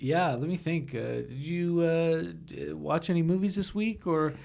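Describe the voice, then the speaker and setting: Rambling young man, slightly high voice. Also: gravelly, darkish tone. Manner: rambling, halting, laughs often. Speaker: podcast co-host. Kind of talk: casual chat.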